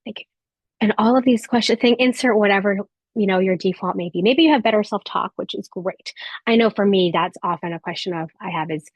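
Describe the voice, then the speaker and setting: A woman in her thirties giving a gentle motivational talk to a live audience of mothers, speaking softly with reflective pauses. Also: mid-range voice, slightly rough, no room sound. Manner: soft, warm encouraging delivery with reflective pauses.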